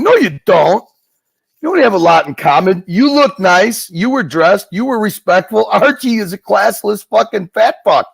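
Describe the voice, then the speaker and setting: A man's voice: high voice, lively intonation, moderate pace, creaky, husky, no echo. A man chatting on a live stream, teasing and swearing freely, laughing often. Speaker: guest co-host on a live stream. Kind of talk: casual live-stream banter.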